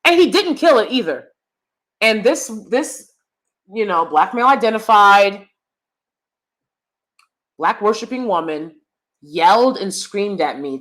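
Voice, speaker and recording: A woman's voice: low voice, a bit bright. Female vlog host, casual commentary, emphatic and chatty, drives points home by repeating lines. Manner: conversational, emphatic, sprinkled with "you know" and "right". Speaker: channel host.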